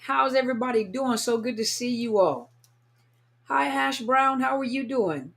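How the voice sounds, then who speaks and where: A woman's voice: on the high side, a little slow, vocal fry. Chatty woman hosting a live stream. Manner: warm, chatty, reads viewer names aloud. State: a little tired. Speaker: livestream host greeting viewers. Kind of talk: casual live-stream chat. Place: at home, California.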